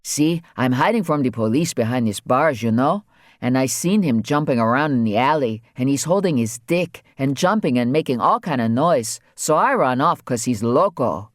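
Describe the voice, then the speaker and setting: A man's voice: mid-range voice, animated, normal speed, no echo, clean studio sound, natural voice. A man voicing a cheeky teenage Mexican boy in jail, with a Mexican Spanish accent and slangy chatter.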